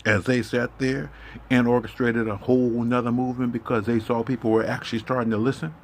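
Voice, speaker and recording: A man's voice: medium pitch, level tone, brisk. A man giving an impassioned, confrontational monologue, swearing heavily and lecturing his listeners. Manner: preachy, confrontational, heavy swearing.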